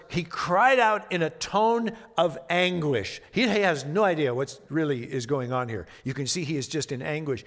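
A man preaching with a slightly high voice, reading scripture with dramatic emphasis before dropping into an easy, conversational aside. His sermon rings out through a large church hall with a long reverb tail. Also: moderate pace, few pauses, fairly bright tone. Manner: conversational, reads scripture dramatically then comments. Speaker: pastor. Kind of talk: expository sermon.

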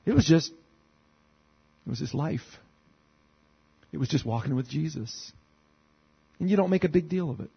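A male pastor preaching in a relaxed, conversational way, throwing in rhetorical questions and dry sarcasm. His voice sits a little high and sounds husky. The recording is dull and lo-fi, as from a church sound system. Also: unhurried, long pauses. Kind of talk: expository sermon.

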